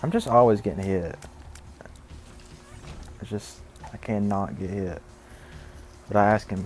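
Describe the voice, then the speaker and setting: A man's voice: on the low side, a little slow, long pauses, a little mellow, faint music behind. A man telling a rambling, distracted comic story while commenting on gameplay. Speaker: gaming channel host.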